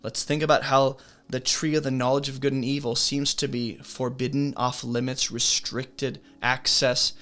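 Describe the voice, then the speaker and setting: A man's voice: mid-range voice, flat delivery, normal speed, few pauses, fairly bright tone. A man teaching a Bible study, working through a chapter by asking one question after another.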